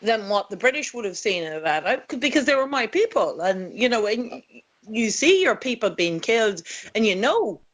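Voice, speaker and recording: An Irish woman hosting an interview, speaking earnestly and with feeling, often halting and restarting. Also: fairly high pitch, very animated. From Republic of Ireland. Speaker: host. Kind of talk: emotional conversational interview.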